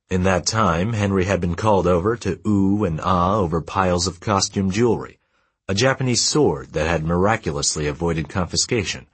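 Deep husky guy reading an audiobook, calm and measured, super dry sound. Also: no room sound. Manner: steady, measured storytelling. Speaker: audiobook narrator. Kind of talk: scripted narration.

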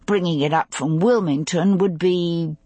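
Practical tinkering young wife, read by a woman, animated, breathy, dry close sound. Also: lowish voice, no room sound. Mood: frustrated. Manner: quick, curious, animated.

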